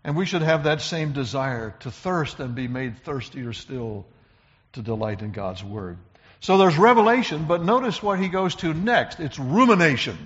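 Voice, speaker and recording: A man's voice: a little high, sing-song, normal speed, a bit bright, big-room sound, muffled recording. A man preaching a sermon in an earnest, emphatic way, often repeating words as he builds a point. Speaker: pastor.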